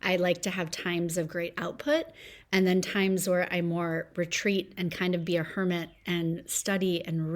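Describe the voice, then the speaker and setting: A woman in her forties hosting a solo podcast from home, talking in a reflective, upbeat way. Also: medium pitch. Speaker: podcast host.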